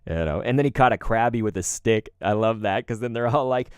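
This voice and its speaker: A man's voice: lowish voice, fairly quick, darkish tone, smooth, dry recording, studio quality. A man with a cold, chatting and rambling casually to viewers on a live stream. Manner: rambling, chatty, chuckling asides. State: congested and sore-throated from a cold. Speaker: streamer and voice actor.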